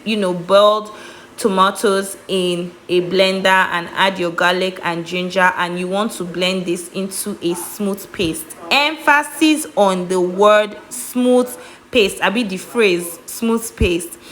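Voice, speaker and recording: Nigerian woman hosting a cooking tutorial voice-over, chatty and emphatic, with a mid-pitched voice. She drives her tips home with playful stress, with a faint noise behind her. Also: takes it slowly, fairly bright tone. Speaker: cooking vlogger.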